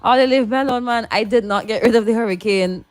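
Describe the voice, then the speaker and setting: A woman's voice: fairly high pitch, quick pace, faint music behind. A woman from the Caribbean hosting morning radio, chatting casually and reading listener comments aloud, laughing often. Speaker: radio host.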